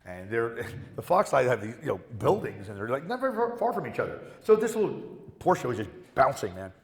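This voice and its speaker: A man's voice: mid-range voice, very animated, fairly quick. A man on a convention panel, telling a story with lots of swearing and acting out the voices of the people in it. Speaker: panel guest. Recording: roomy hall with long reverb.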